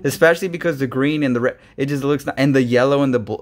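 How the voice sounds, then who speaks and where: A young man hosting a casual card-opening video, chatty and slangy, quick to get excited. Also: mid-range voice. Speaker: card-opening channel host.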